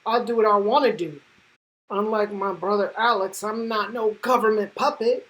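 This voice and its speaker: A woman's voice: medium pitch, moderate pace, a bit bright, natural voice, poor audio. A woman voicing a brash, cocky male superhero leader who talks in swaggering slang.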